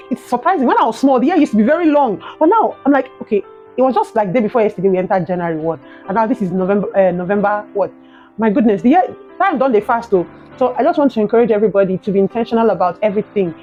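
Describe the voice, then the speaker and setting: Fast-talking Nigerian woman vlogger. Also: mid-range voice, lo-fi sound. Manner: emotional, animated retelling with prayerful exhortation. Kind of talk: personal storytelling and encouragement.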